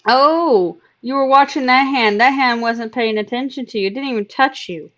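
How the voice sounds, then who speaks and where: A woman's voice: high voice, normal speed, fairly bright tone. A woman live streamer playing a game and chatting in doting baby talk to her cat. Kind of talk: casual chat while gaming.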